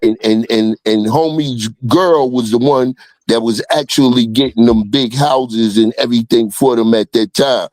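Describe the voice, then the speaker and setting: A man's voice: mid-range voice, moderate pace, darkish tone, no echo, poor audio. A man on a casual podcast, making long rambling opinionated points.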